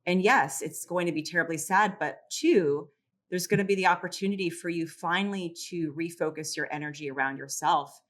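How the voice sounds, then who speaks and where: A middle-aged woman psychologist explaining coping tools calmly and clearly in a podcast interview. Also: lowish voice. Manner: calm, measured, teacherly explanations. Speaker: psychologist and caregiver clinic founder.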